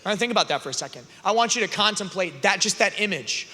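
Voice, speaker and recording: A man gives an earnest youth talk in a high, bright voice, shifting from casual asides to loud, emphatic passages. His voice rings through a large arena with a long reverb tail. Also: expressive, quick pace, few pauses. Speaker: youth conference speaker.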